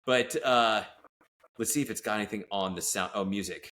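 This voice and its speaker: Bright-voiced enthusiastic male podcaster. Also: fairly low pitch, moderate pace. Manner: enthusiastic, rambling, full of asides. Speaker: podcast co-host. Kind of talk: casual podcast chat.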